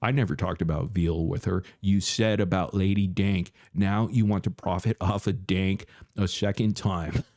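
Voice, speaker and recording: A man's voice: low voice, steady tone, measured pace, a little mellow. A man hosting a casual live stream, reading viewer comments aloud and teasing one chatter in a playful, crooning way.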